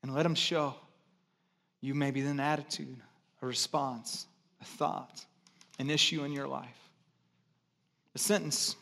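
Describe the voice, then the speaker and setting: A pastor delivering an impassioned sermon, repeating phrases for emphasis and swinging between loud, raised passages and hushed, quiet ones. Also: male voice, a little high. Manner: repeats phrases for emphasis, draws drawn-out quotes.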